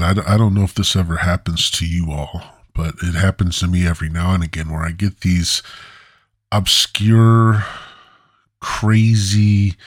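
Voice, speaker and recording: Alone on his podcast, a man rambles in a meandering, crude, zoned-out monologue. His low voice is recorded at studio quality with no echo.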